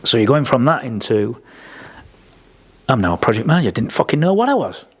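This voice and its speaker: His mid-range voice is husky and brisk, swinging widely in pitch as he tells sweary, blunt stories on a laid-back podcast. He acts out the quoted lines himself.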